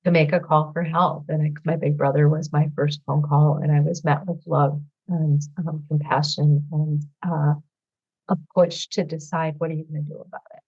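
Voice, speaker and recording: Low-voiced woman telling her story candidly. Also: flat delivery, husky, lo-fi sound. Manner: candid, halting, many fillers. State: teary. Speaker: guest sharing recovery story. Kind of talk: emotional personal storytelling.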